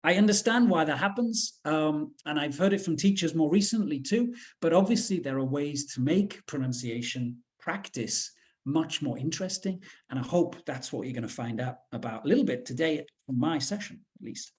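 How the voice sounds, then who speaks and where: A man's voice: fairly high pitch, expressive, moderate pace. A man from the UK presenting a teacher-training webinar, talking in a chatty way with frequent fillers.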